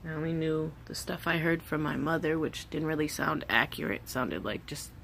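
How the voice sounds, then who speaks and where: A woman's voice: deep voice, normal speed, creaky, a bit bright, a little hiss or hum. A woman in her thirties, a mother of three, talking candidly and emotionally in a casual vlog monologue, swearing freely.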